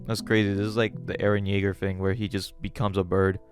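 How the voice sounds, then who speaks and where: Chill guy reading a comic and reacting, relaxed, lots of "like", soft music under it. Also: lowish voice, fairly quick. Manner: relaxed, chatty, lots of fillers like "like". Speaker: host reading a web comic. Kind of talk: casual story reading with commentary.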